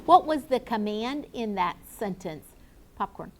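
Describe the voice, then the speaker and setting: Her voice is medium in pitch, with lively intonation and a measured pace. As a teacher reviewing grammar with students and viewers, she asks questions patiently and calls on individuals by name.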